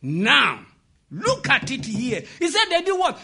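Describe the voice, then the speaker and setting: A man preaching an impassioned sermon, often shouting and putting questions to the congregation. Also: extremely high pitch, huge pitch swings, unhurried, gravelly, husky.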